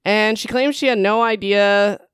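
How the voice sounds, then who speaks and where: A woman's voice: mid-range voice, measured pace, clean tone, no echo, studio quality. A woman giving a casual chapter-by-chapter book recap, sarcastic and chatty, full of "like" and "whatever," with teasing dramatic asides to her viewers. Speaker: book reviewer.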